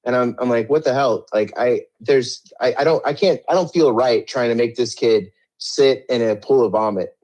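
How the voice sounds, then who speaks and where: A man's voice: medium pitch, normal speed, darkish tone. A middle-aged man telling his story in an interview, rambling with many restarts and a defensive edge.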